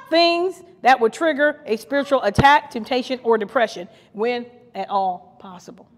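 A woman's voice: on the high side, normal speed, hardly any pauses, a little hiss or hum. A woman co-pastor from Ohio preaching a fervent podcast sermon, repeating her phrases and laughing now and then. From Ohio, USA. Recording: long hall reverb.

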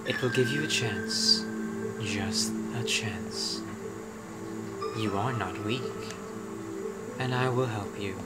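Brief: a man doing a cryptic otherworldly masked spirit, echoey and hushed, slow and ominous. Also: fairly low pitch, loud music behind the voice. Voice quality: weird echoey voice.

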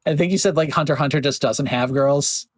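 This chatty podcast host speaks a little high and a bit raised, wandering through a relaxed conversation heavy with fillers and dropping into quick, mocking impressions. The audio is close and dry, without any echo.

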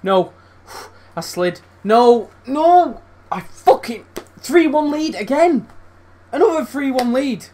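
A young man commentating his own football video game, swearing, swinging between loud outbursts and low muttering. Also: big pitch swings, takes it slowly. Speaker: gaming YouTuber. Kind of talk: live gameplay commentary.

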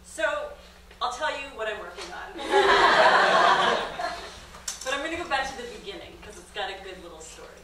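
A woman's voice: normal speed, heavy background noise. A middle-aged woman, a documentary filmmaker, giving a comedic storytelling talk on stage and acting out the voices in her story. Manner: animated storyteller, acts out quotes with big pitch jumps. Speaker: guest lecturer, documentary filmmaker. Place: comedy club stage with audience. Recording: roomy live-venue sound, distant mic.

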